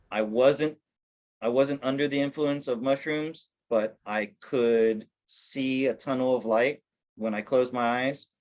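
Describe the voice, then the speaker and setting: A man's voice: mid-range voice, a little mellow. A man telling his life story in a casual interview over a video call, rambling with restarts and laughing at himself. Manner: rambling, with many restarts and self-corrections; self-deprecating, laughing at himself.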